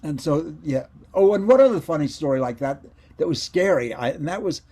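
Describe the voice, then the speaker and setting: A man's voice: a little high, expressive, a little fast, dark tone. An older man, a former child radio actor, telling meandering stories as an interview guest on a video call, often correcting himself. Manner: meandering, self-correcting storyteller. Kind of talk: casual reminiscing interview.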